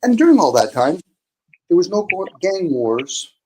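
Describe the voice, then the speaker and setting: A man's voice: high-pitched, sing-song, unhurried, darkish tone, a little hiss or hum, low-quality recording. A man hosting a casual chat, talking bluntly and profanely in long rants.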